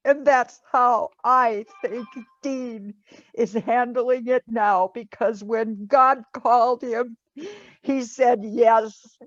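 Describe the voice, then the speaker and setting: Older lady crying a bit, slow earnest memorial words, dull muffled zoom audio. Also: a little high, no echo. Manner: earnest, slow and emphatic, religious. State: tearful, crying. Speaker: bereaved family member speaking at a memorial. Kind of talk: heartfelt memorial remarks. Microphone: video call. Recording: muffled video call audio.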